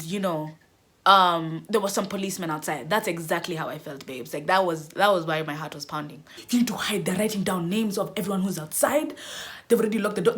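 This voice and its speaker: Young woman, storytime vlogger, dramatic with squealing high cries, bright clear voice. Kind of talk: animated storytime.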